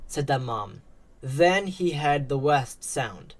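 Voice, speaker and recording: Slow, low-voiced woman narrating a story. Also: lively intonation.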